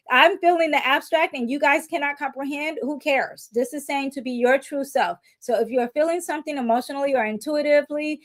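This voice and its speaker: A woman talks through a weekly tarot and astrology reading in a loose, conversational way. Her voice sits a little high, and she speaks with emphatic repetition, checking in with listeners as she goes. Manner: chatty, emphatic, repeats "okay?" to viewers.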